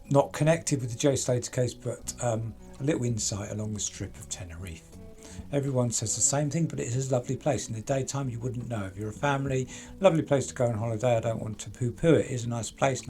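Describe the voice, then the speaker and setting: A man's voice: medium pitch, warm tone. A man hosting a true crime channel, chatting casually and asking pointed rhetorical questions to people he talks about.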